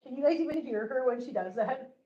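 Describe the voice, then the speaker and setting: Sitting on the floor at home, a woman hosts a casual livestream for her cat channel, chatting with viewers, cooing baby talk at her cat and laughing often. Her high-sitting voice is brisk, dark and slightly rough, and the recording sounds muffled.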